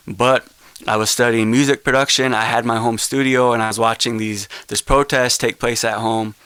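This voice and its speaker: A young man delivers a keynote as a personal story, earnest and halting, often restarting his sentences. His voice is smooth and resonant, with little rise and fall in pitch. The sound is dry and close, with no room around it. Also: sharp tone, dry recording. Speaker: keynote speaker.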